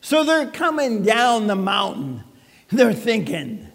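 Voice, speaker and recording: High, lively-voiced pastor preaching slowly. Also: male voice, gravelly, long reverb tail. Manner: conversational preaching with rhetorical questions. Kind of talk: sermon. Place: church sanctuary.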